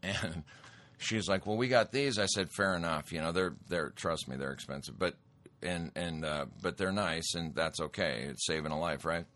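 Animated man with a bright, forceful voice. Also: extremely low pitch, normal speed. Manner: animated, acts out his own lines in quotes. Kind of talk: casual storytelling.

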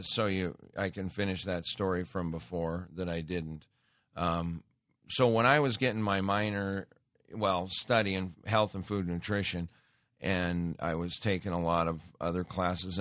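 A man's voice: low voice, a bit bright, dry recording. A man hosting a talk show from a studio, speaking in a rambling, conversational monologue full of restarts and asides. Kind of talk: casual radio monologue. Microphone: studio microphone.

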